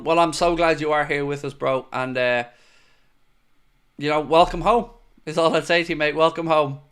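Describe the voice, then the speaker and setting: A young man from Ireland hosts a live football fan stream, chatting loosely and reading out viewer comments with lively, cheekily defiant energy. His pitch is fairly high, his pace moderate, and his tone clear and resonant.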